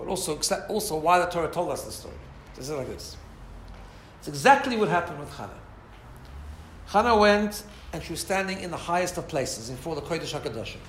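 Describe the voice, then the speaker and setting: A man teaching an informal Torah class, animated and asking listeners rhetorical questions. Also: high-pitched, a little hiss or hum. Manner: animated, mixes Hebrew and Yiddish terms, asks listeners rhetorical questions. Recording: roomy echo, faint ambience.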